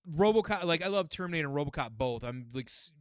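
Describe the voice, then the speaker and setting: A man's voice: on the high side, expressive, fast talker, clear, resonant tone, dry recording, studio quality. A man co-hosting a gaming podcast, joking and rambling in casual chat. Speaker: podcast co-host.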